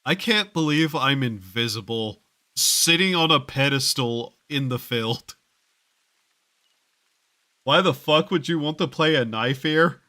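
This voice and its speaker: A man's voice: mid-range voice, expressive, unhurried, long pauses, bright, forceful tone. A man streaming a game, chatting casually in a rambling, wry and self-mocking way, with offhand swearing. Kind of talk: casual live-stream chatter while gaming.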